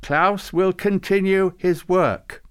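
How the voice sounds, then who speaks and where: A man's voice: sits high, takes it slowly, a bit bright, clear, resonant tone, no room sound, clean studio sound, pitched above the performer's own voice. A man voicing a solemn old male saint who leads a council, speaking in a stately, intoning way in a storybook reading. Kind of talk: storybook character voice.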